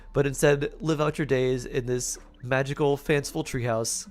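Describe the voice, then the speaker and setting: A man's voice: mid-range voice, steady tone, normal speed, soft background music. A man streaming live, improvising playful fortune-telling stories and laughing often.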